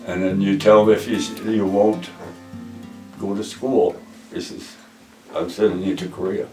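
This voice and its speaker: A man's voice: low voice, little pitch movement, moderate pace, mellow, roomy sound, distant mic, soft background music, rough recording. Older man telling war memories. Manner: plainspoken, repeats "he says" while retelling dialogue. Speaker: veteran interviewee. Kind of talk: oral history storytelling.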